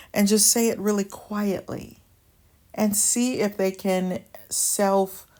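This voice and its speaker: A woman's voice: mid-range voice, steady tone, takes it slowly, darkish tone. A woman hosting an advice channel, talking straight to her viewers in an earnest, plainspoken, coaching way. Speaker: channel host giving advice. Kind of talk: direct-to-camera advice talk.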